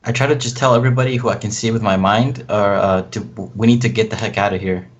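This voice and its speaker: A man playing a tabletop game who explains rules at length and speaks haltingly. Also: lowish voice, fairly even intonation. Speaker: player. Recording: dull lo-fi voice chat audio.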